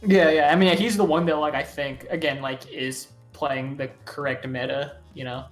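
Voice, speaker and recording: A man's voice: fairly high pitch, steady tone, moderate pace, reverberant, soft background music. A man casually commentating a fighting game tournament, rambling with lots of fillers.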